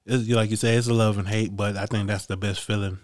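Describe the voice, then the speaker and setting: A man talking as a guest on a casual podcast, relaxed and agreeable, mostly giving short replies. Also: lowish voice, quick pace, no echo, studio quality. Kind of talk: casual chat.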